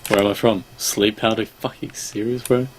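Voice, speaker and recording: Young Australian male streamer, low-ish easygoing voice, casual game chatter, faint keyboard clicks behind. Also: fairly even intonation, moderate pace, slight background noise. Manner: laid-back, chatty, swears casually. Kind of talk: casual gameplay chat with viewers.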